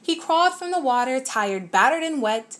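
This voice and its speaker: A woman reads a rhyming children's book aloud with a steady, lilting rhythm. Her voice sits a bit high for a woman and stays clear and friendly to follow. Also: moderate pace. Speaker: storybook reader.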